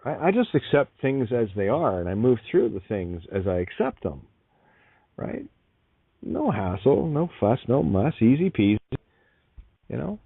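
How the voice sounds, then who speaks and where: A man's voice: mid-range voice, very animated, unhurried, creaky, pauses often, breathy edge, no room sound. A man hosting an internet radio show, talking bluntly with swearing, laughing and restarting as he goes. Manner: blunt, profane, emphatic. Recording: tinny phone-like sound, dry.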